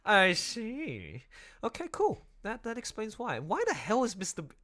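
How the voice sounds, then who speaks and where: A man hosting a casual group voice chat, animated and laughing often. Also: sits high, measured pace. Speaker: server host and game master.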